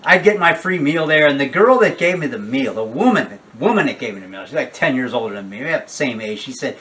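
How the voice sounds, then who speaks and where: A man's voice: medium pitch, animated, fast talker, fairly bright tone, recorded from a distance. An older man, a horror filmmaker, talking casually in a rambling, digressive way with many restarts and asides.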